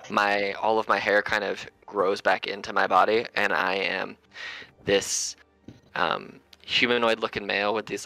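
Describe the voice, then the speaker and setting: A man with a low, gravelly voice plays his character at a tabletop game, speaking casually and swearing freely. His tone is sharp and bright. The sound is close and dry. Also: no echo. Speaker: player. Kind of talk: in-character tabletop role-play.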